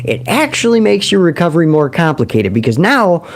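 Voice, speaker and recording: Hosting a recovery livestream, this man talks casually and animatedly, laughing a lot and answering his own questions. His voice is a little high and his pace a little fast.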